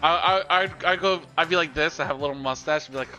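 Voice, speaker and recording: A man's voice: on the high side, quick pace, bright, forceful tone, faint music behind. A man co-streaming, chatting casually and crudely, joking and swearing as he talks. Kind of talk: casual chat over a broadcast.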